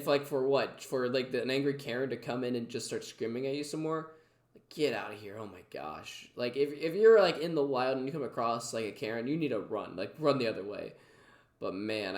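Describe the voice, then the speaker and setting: A man's voice: mid-range voice, reverberant. A man casually reacting to clips, chatty and full of fillers. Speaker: reaction video host.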